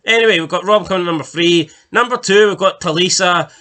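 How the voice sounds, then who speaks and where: A man's voice: sits high, a little fast, sharp tone. A man co-hosting a casual chat show, talking in a loose, rambling way with swearing and fillers. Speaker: podcast co-host. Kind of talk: casual chat ranking TV deaths.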